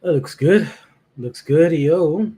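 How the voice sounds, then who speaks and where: On his first livestream, a reaction host chats casually but nervously, greeting viewers by name and laughing a lot. He speaks slowly in a fairly high, mellow, husky voice.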